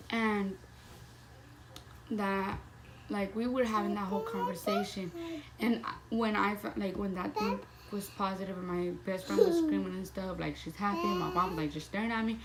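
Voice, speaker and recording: A woman's voice: medium pitch, animated, moderate pace, over a noisy crowd, low-quality recording. A young woman telling a personal story in a casual vlog, swearing freely and saying "like" constantly. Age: young adult. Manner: casual, profane, heavy use of "like". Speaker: vlogger.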